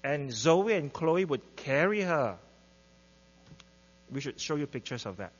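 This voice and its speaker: Guy introducing the preacher, lots of uhs, highish voice, dull echoey church mic w/ hum. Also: sing-song, a little slow. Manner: hesitant, many fillers. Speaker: church member introducing the speaker. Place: church sanctuary. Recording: dull recording in reverberant hall with hum.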